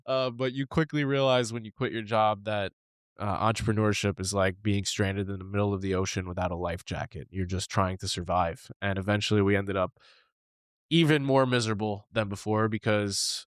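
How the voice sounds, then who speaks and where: A man's voice: fairly low pitch, steady tone, normal speed, clean tone, no room sound. A man co-hosting a podcast, telling a personal story candidly and with animation, laughing now and then and swearing casually. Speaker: podcast co-host.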